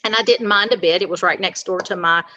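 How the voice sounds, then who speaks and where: Bright-voiced woman telling a story. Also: fairly low pitch, fast, no echo, highs cut off. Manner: animated anecdote with quoted dialogue. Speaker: school staff member. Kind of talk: casual storytelling.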